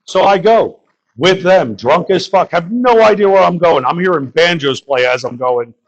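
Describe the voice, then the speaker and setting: A man's voice: high-pitched, lively intonation, normal speed, highs cut off. A young man from the Bronx doing crude, rambling open-mic stand-up and talking to the crowd. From New York (the Bronx). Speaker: stand-up comedian.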